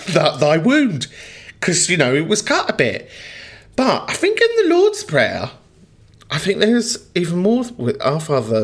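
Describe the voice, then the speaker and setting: A man's voice: a little high, normal speed. A man hosting a call-in podcast who rants and swears freely in casual chat. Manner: animated, ranting, swears freely. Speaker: podcast host.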